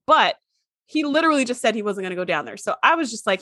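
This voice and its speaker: A woman's voice: on the high side, expressive, fast, sharp tone, no room sound, studio quality. A woman co-hosting a casual chat about a TV episode, laughing often and mimicking characters in mocking asides. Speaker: podcast co-host.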